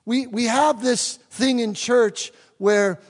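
A man's voice: very high-pitched, fairly even intonation, slow pace. Man, pastor, sermon, talks with the congregation, asks questions, long hall reverb. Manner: conversational preaching, asks the room questions. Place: church sanctuary.

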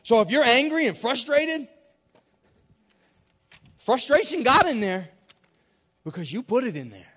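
High, lively-voiced preacher man in reverberant hall. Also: measured pace, pauses often, breathy edge. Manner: animated, acts out his own reactions with laughter. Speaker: pastor. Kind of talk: storytelling sermon. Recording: long reverb of a large hall.

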